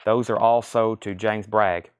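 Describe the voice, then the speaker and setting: A man hosting a live-streamed record sale, briskly listing titles and prices and taking bids in a casual selling patter. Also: on the low side, steady tone, clear, resonant tone. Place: record shop.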